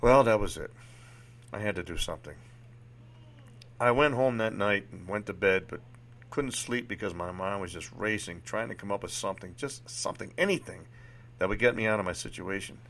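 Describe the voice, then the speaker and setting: A man's voice: lowish voice, moderate pace, fairly bright tone. A man reading his personal memoir aloud in a candid, reflective way, with occasional restarts.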